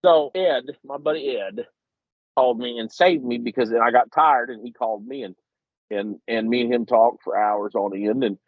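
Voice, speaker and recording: A regular podcast guest, a man in his 50s from Missouri, dials in and rambles through a lengthy, self-mocking story. He talks at a normal speed in a mid-range voice with no room sound. The call-in audio is lo-fi and muffled.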